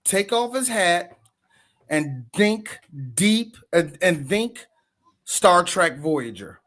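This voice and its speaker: A man with a notably high voice co-hosts a podcast, chatting casually about films. He jumps into acting out scenes as he talks. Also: extremely slow. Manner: animated, acts out movie lines. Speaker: podcast co-host. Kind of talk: casual chat.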